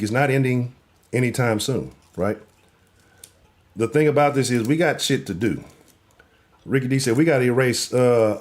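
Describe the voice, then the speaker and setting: A man hosting a live sports talk show, brash, joking and profane. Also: mid-range voice.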